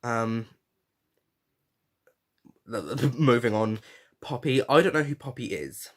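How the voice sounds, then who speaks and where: A man talks casually through a review in a middle-pitched voice. He is frank and blunt, swears freely, and fills his talk with restarts and fillers. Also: animated, slow pace. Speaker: podcast host reviewing a reality show.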